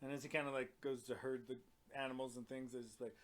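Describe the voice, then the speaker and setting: A man playing a tabletop game online, loose and laughing, through a mic set far too quiet. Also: medium pitch, flat delivery, fast talker. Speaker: player. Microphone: new mic set far too quiet.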